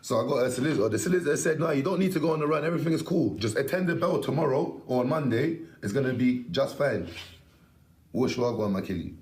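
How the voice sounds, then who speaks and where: A man's voice: medium pitch, animated, fast, a little mellow. Young man, slangy, emphatic rant, swears a lot, roomy echo on the mic. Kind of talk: casual ranting story.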